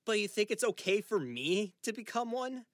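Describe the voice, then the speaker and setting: A man narrating an audiobook voices a grieving adult son who is anxious, raw and upset, pleading and slipping into sarcasm. His bit bright, sing-song voice rides high with wide swings at a moderate pace. The recording is close and dry, with no room sound.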